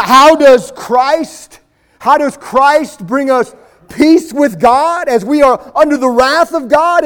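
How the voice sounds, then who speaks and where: Male preacher, very high voice, very slow and emphatic sermon delivery. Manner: slow, emphatic preaching with long pauses, rising to shouts.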